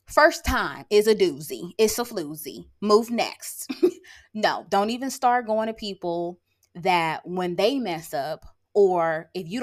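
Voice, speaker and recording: A woman hosting her own podcast in a casual monologue, sassy and emphatic, constantly checking in with "okay?" and "like". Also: medium pitch. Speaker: podcast host; lash artist and brow tattooer. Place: rural area.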